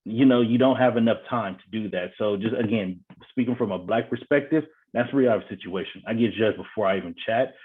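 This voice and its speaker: A man's voice: lowish voice, a little fast, slightly rough, narrow, tinny audio. A man speaking directly and emphatically as a panelist in a casual discussion. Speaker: panelist, company CEO.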